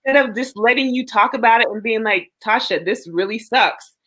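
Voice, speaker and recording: A woman's voice: on the high side, a little fast, pushed and bright, low-quality recording. A woman in a casual, supportive chat, talking earnestly and at length to reassure a friend.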